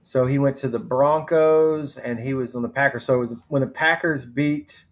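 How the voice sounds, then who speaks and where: A man's voice: mid-range voice, fairly even intonation, normal speed. Joking male live-stream host. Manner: joking, rambling, reads things out as he looks them up. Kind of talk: casual live draft-show chat.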